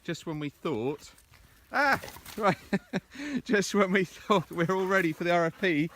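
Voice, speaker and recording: Male presentation coach, walking vlog outdoors, fairly high and bright tone, chatty, pokes fun at himself. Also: normal speed, a little hiss or hum. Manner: chatty and self-deprecating, with frequent "uh" fillers. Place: outdoors in the countryside.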